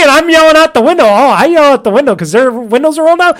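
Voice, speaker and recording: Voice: sits high, lively intonation, fairly bright tone. A speaker ranting in casual chat, cursing often, laughing, and acting out what others said. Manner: ranting, profane, quick to laugh, acts out what people said.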